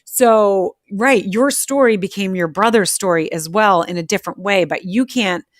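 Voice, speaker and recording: A middle-aged woman hosts a conversational interview and tells stories about her family with animated energy. She slips into quoted voices as she goes. The recording is dry, with no room echo. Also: medium pitch, normal speed. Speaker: podcast host.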